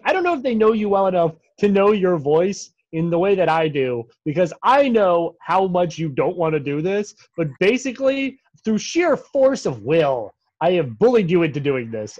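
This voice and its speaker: Man with a high voice, very animated pitch, teasing podcast banter. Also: normal speed, hardly any pauses, lo-fi sound. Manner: teasing, playful, laughing. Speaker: podcast co-host. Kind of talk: casual chat.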